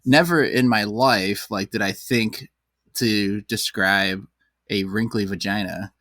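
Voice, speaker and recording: A man's voice: on the low side, takes it slowly, a bit bright, no room sound, studio quality. A man co-hosting a casual podcast, ranting bluntly and swearing. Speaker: podcast co-host.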